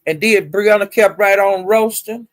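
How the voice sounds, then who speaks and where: A woman's voice: mid-range voice, measured pace, dry recording. A woman gossiping on a casual livestream, sassy and profane, with drawling "well, honey" asides. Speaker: livestream commentator.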